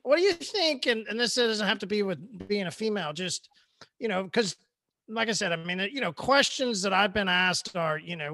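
A woman's voice: medium pitch, expressive, normal speed, fairly bright tone, no room sound. Panel host lady, kinda rambly questions, dry close mic. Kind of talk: moderating a panel discussion.

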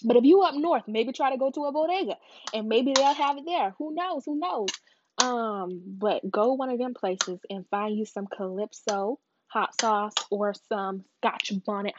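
A woman's voice: fairly high pitch, a little slow, noisy background. Chatty young woman, lo-fi home recording. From southern United States. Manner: chatty, rambling, playful asides. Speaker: cooking vlogger. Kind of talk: casual cooking chat to camera.

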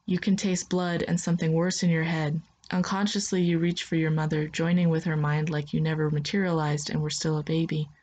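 A woman narrating a second-person story in a soft, steady voice. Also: low-pitched, brisk, few pauses.

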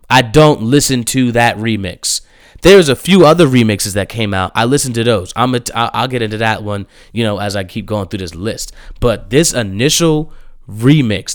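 A man's voice: medium pitch, clean tone, no room sound, clean studio sound. Blunt, profane man reviewing new music. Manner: blunt, emphatic, profane, animated outbursts. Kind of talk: casual music review monologue.

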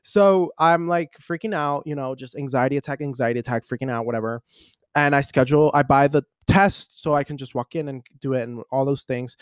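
A man in his twenties hosting a podcast, telling a personal story in a casual, animated, rambling way with lots of fillers. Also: mid-range voice, brisk, smooth, no echo, studio quality. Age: 20s. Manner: animated, rambling, heavy use of "like". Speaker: podcast host.

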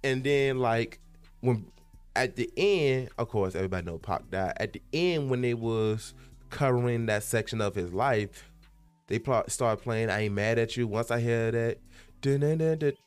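A young man talking casually to his viewers as a YouTube host, rambling and animated, with lots of fillers and restarts. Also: medium pitch, moderate pace, clear, resonant tone, soft background music. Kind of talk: casual vlog monologue.

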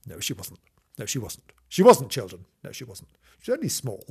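A man drawling through a children's story as a mock bedtime reading. He is camp and theatrical, with a voice that leaps up and down in wide swings. The tone is husky and breathy. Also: mid-range voice, big pitch swings, moderate pace. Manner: camp, theatrical, wandering asides. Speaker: comic reader.

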